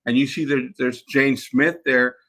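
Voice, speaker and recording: A man's voice: medium pitch, steady tone, unhurried, fairly bright tone. A man, a real estate investor, coaching his team in a live session, repeating points to drive them home. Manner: repeats words, drills points to his crew.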